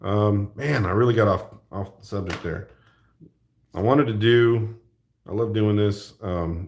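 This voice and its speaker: Slow, gravelly-voiced man rambling jokingly. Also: on the low side. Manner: jokey, rambling, laughs often. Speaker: YouTube art channel host. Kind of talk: rambling casual chat while crafting.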